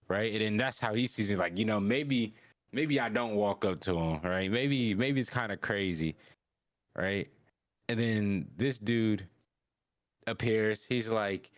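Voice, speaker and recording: A man's voice: unhurried, no echo, clean studio sound. A man hosting a podcast, casually recapping an anime episode in a rambling way and acting out the characters' lines. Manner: rambling, acts out characters' lines in higher voices. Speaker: podcast host.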